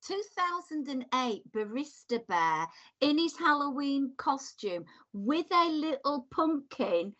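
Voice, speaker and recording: A woman's voice: high-pitched, very animated, slow, hardly any pauses, a bit bright, lo-fi sound. A woman co-hosting a podcast, chatting animatedly and telling stories with exasperation. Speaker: podcast co-host. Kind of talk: casual chat.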